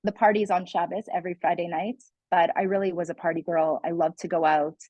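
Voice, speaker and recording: A woman's voice: fairly low pitch, fairly even intonation, a little fast, dry recording, highs cut off. A young adult woman, a guest speaker, telling her personal story in a candid, earnest way with many "like" and "you know" fillers. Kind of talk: personal testimony in a conversation.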